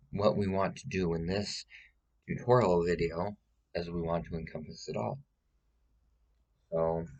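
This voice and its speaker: A man playing a rambling self-styled witch woman who is confidently wrong. He hesitates with many fillers and keeps pressing with "okay?" in a deadpan comedic monologue. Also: sits low, lo-fi sound. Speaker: witch giving a tutorial.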